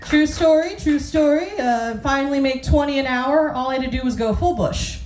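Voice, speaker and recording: A woman's voice: high-pitched, normal speed, darkish tone. A woman in her thirties doing a brash, self-mocking stand-up set with crude punchlines, on a club stage with a handheld mic. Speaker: stand-up comedian. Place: comedy club stage with live audience. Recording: echoey club with audience noise.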